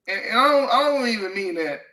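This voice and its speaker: A man's voice: high voice, expressive, quick pace, sharp tone, reverberant, rough recording. A man co-hosting a casual sports talk show, blunt and profane, leaning on "man" and "you know what I mean.". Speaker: sports podcast co-host.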